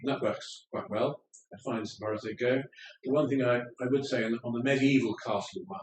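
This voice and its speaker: A man delivers a public lecture, measured and digressive, dropping in wry asides as he works through his slides. He stands some way from the microphone in a roomy lecture space, with a faint hum of ambience behind him. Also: medium pitch. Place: lecture room in an old house. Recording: roomy room, speaker far from the mic, faint ambience.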